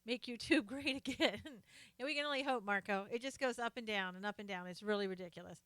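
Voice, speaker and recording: A woman's voice: medium pitch, quick pace, a bit bright, clean tone, no echo. A woman hosting a casual live stream, chatting, greeting viewers by name and reading their comments aloud, often trailing off with fillers.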